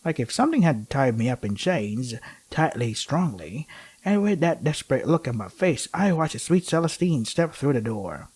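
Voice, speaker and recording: A man playing a visual novel, reading its lines aloud and cutting in with deadpan sarcastic remarks. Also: mid-range voice, normal speed, slightly rough. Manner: deadpan sarcastic asides between dramatic reading. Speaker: gaming YouTuber.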